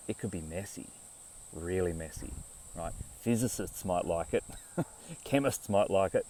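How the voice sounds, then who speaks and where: A man's voice: low-pitched, a little mellow, recorded from a distance, low-quality recording. A man giving a rambling, conversational live talk, with frequent restarts and asides. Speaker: speaker on esoteric topics.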